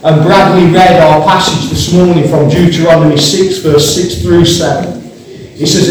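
A man's voice: a little high, normal speed. A man preaching a sermon to his congregation, earnest and rising into impassioned emphasis. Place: church building. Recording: echoey church hall, mic at a distance, background noise.

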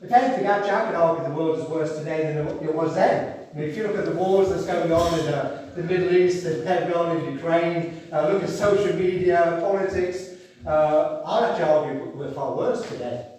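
A man's voice: on the high side, normal speed, a little mellow. A man preaching a sermon in a church, earnest and rousing, reading scripture aloud. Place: church hall. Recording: echoey church hall from far off.

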